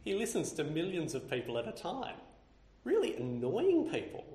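Male preacher, raised pitch, lively delivery, roomy echoing sound, suits a church sermon read. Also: moderate pace. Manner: expressive, building lists with rising intensity. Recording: roomy echo.

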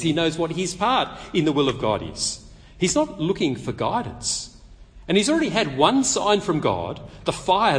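Lively preacher in a big hall. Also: male voice, on the high side. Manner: lively, storytelling, acts out quotes. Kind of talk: sermon.

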